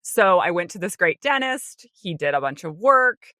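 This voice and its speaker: A woman co-hosting a podcast, telling a personal story in a casual, animated way, acting out her own inner voice with light laughs and lots of "like". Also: on the low side, moderate pace, no room sound, studio quality. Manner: frequent light laughter and "like" fillers. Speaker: podcast co-host.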